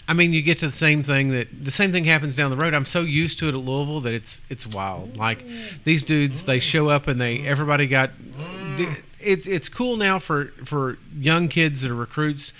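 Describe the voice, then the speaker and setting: A man's voice: on the high side, moderate pace, pushed and bright. A man, co-hosting a casual sports chat, sarcastic and rambling with many restarts. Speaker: podcast co-host.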